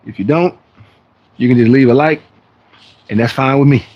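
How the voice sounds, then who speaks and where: A man's voice: medium pitch, normal speed, highs cut off. A man hosting a fitness livestream, chatting casually with viewers in loose, slangy talk that rambles and restarts. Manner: rambling and chatty, often acting out other people's voices. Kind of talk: casual live-stream chat to viewers.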